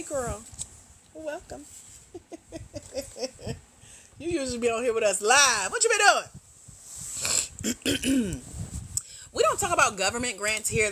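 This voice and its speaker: Lively, bright-voiced woman hosting a livestream. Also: a little high, a little hiss or hum, poor audio. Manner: animated, slangy, teasing, laughs often. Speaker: grant coach and host. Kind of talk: casual livestream chat.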